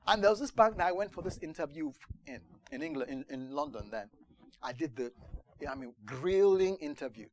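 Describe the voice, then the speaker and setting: A man preaching a sermon, telling a personal story in an animated way, laughing at times and acting out the quotes. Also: fairly high pitch, fairly quick, a little hiss or hum.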